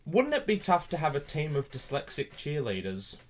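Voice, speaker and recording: A man's voice: on the high side, wildly swooping pitch, normal speed. Young man, podcast co-host, casual jokey banter, laughs a lot, studio mic. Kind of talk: casual chat. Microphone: studio microphone.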